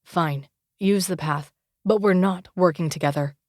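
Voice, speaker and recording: A woman's voice: lowish voice, a little slow, a little mellow, no room sound, studio quality, close to an everyday voice. A woman voicing a stubborn, arrogant young man, speaking with anger and contempt in a storybook romance. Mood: defiant. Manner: angry, contemptuous.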